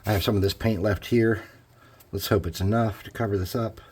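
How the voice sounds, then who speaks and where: A man's voice: lowish voice, steady tone, a little fast, darkish tone, breathy edge. A man talking casually through a painting tutorial, thinking aloud as he works. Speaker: hobby crafter.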